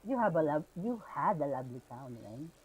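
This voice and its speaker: A man's voice: a little high, big pitch swings, brisk, darkish tone, slightly rough, poor audio. A man voicing a taunting villain who speaks to the heroes in a sneering, mock-polite way.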